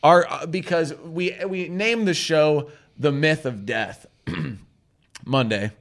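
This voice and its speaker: Guy cohosting a podcast, bit higher voice, loose and sweary, laughs a lot. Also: slow, gravelly. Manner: loose, profane, laughs often. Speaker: podcast co-host. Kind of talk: casual chat.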